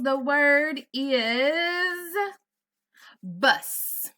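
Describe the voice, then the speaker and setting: In a virtual classroom lesson, a woman with a Southern US accent teaches first grade phonics, stretching out and sounding words for young children. Her voice sits a little high, and she takes her time with a sharp tone.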